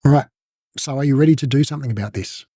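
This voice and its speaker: A man's voice: mid-range voice, rapid-fire, dark tone, husky, dry recording, clean studio sound. A man teaching a casual recorded lesson, talking conversationally and acting out short coach and client exchanges. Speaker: instructor.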